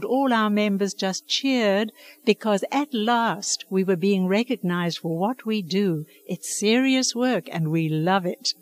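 An older woman who works as a dialect coach, talking earnestly and emphatically in an interview. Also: mid-range voice. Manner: earnest, emphatic, passionate about her craft. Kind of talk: conversational interview.

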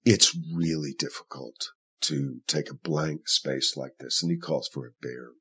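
Very deep-voiced husky man. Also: measured pace, a bit bright. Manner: thoughtful, rambling with many fillers. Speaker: actor in the play. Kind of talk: conversational interview.

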